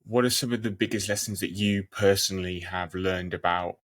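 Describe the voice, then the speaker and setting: A man hosting a podcast, asking questions while thinking out loud with many fillers. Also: low voice, steady tone, a little fast, no room sound. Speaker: podcast host. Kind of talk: conversational interview.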